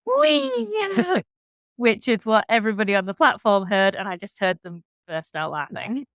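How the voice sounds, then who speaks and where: A woman from England with an English accent, a guest telling a story in casual chat, frank and animated, swearing freely. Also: medium pitch, brisk, smooth, dry recording. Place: hostel room.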